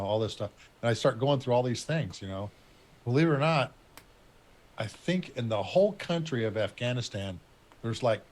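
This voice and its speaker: A middle-aged man telling a war story about his military years in a casual, rambling way, stopping now and then to recall names. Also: mid-range voice. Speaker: retired Air Force officer telling a war story.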